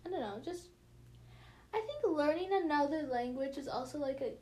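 A young woman from the United States tells stories in a casual chat with friends. Her voice sits high, and she has a slight lisp. She rambles through her tales with plenty of fillers and easy laughter. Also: lively intonation, normal speed, darkish tone.

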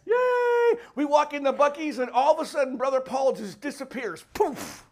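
Male pastor, high voice, fervent sermon delivery with loud shouted peaks. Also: a little fast. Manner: fervent preaching, rising to shouts.

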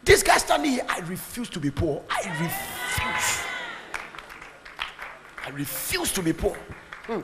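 A man preaching a fervent sermon, swinging between shouts and low asides. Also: wildly swooping pitch, fairly quick, loud music behind the voice, over a noisy crowd. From Ghana. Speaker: pastor. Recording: long hall reverb, faint background noise.

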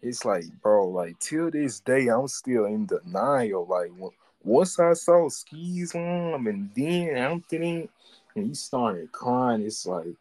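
A young man hosting a podcast in casual, slangy chat, animated and full of "like". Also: mid-range voice, slow pace, rough recording. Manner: slangy, animated, repeats filler "like". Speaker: podcast host.

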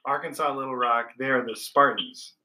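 A man's voice: mid-range voice, steady tone, normal speed, bright, forceful tone. Easygoing man thinking aloud in a quiz. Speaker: quiz contestant. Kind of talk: casual game quiz.

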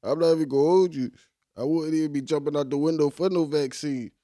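A young American man co-hosting a casual chat, blunt and animated, with a lot of profane banter. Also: fairly high pitch, quick pace, no room sound, studio quality. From United States.

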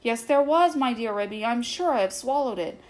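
A woman's voice: a little high, expressive, moderate pace, close to an everyday voice. A woman voicing a fussy, anxious female dog guest in a children's story, talking politely and then panicking and whining. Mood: panicked.

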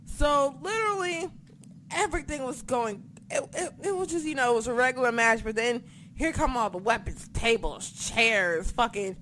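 A woman with a fairly high voice tells stories in a casual chat from home. She talks in an excitable, foul-mouthed way. Faint background noise sits under her voice. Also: normal speed. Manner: profane, excitable, animated storytelling. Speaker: podcast co-host recapping wrestling. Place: home apartment.

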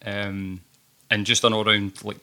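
A man hosting a podcast, chatting with his guest in a relaxed, friendly way. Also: on the low side, unhurried. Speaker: podcast host. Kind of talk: casual chat.

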